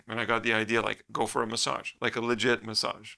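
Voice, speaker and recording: A man's voice: mid-range voice, quick pace, gravelly, clear, resonant tone. A middle-aged man telling a story as a podcast guest, rambling and laughing often. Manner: rambling, laughs often, animated when quoting. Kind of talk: casual storytelling.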